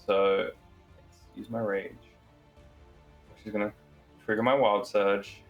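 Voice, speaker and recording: A man's voice: fairly low pitch, flat delivery, slow, highs cut off, faint music behind. A man playing a tabletop game, laying out his turn in a laid-back, mumbling way. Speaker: player.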